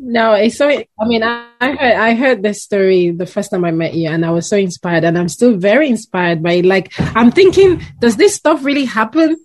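A woman's voice: mid-range voice, expressive, normal speed, hardly any pauses. A woman host reacting with enthusiasm in a casual interview. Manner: encouraging, enthusiastic listener.

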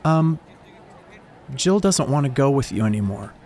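A man's voice: medium pitch, animated, unhurried, darkish tone, pitched above the performer's own voice, close to an everyday voice. A man voicing a nervous, tearful teenage schoolgirl who hesitates with ums.

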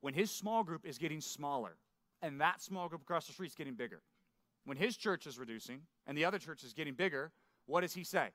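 Bright-voiced pastor asking his listeners questions. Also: fairly high pitch, lively intonation, brisk, dry recording. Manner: asks the listeners questions, often tags lines with "right?". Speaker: pastor teaching a men's Bible study. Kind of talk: conversational Bible teaching.

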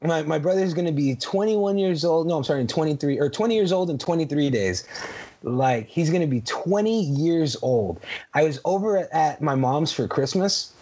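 A man's voice: a little high, expressive, normal speed, mellow. A man in his twenties co-hosting a podcast in casual chat, ranting with lots of swearing and emphasis. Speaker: podcast co-host.

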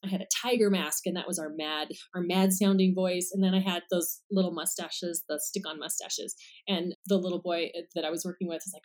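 A woman's voice: lowish voice, a little fast, a little mellow. Woman explaining speech therapy methods. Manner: friendly, explains step by step with examples. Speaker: speech-language pathologist guest. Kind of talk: casual explanatory podcast talk.

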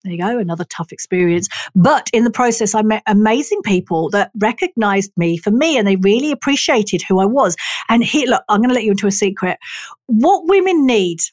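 A middle-aged woman, a talk therapist telling her personal story in a frank, expressive way and swearing freely. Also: medium pitch, a little fast, no room sound. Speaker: talk therapist and body worker.

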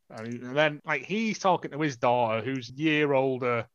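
British speaker, podcast co-host, casual film-recap chat, sweary and jokey, swinging pitch, dull lo-fi dry sound. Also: lively intonation, moderate pace, hardly any pauses, dry recording. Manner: sweary, jokey, acts out quotes.

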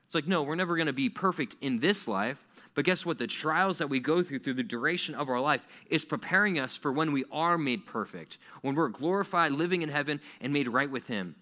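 A man's voice: a little high, expressive, fairly quick, hardly any pauses, bright, forceful tone. A man, a pastor, giving a casual, conversational sermon full of rhetorical questions.

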